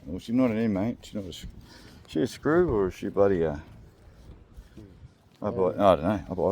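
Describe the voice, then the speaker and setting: A man's voice: fairly low pitch, warm tone, a little hiss or hum. A young Australian man rambling through a comedic vlog, crude and joking, often laughing. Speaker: vlog host.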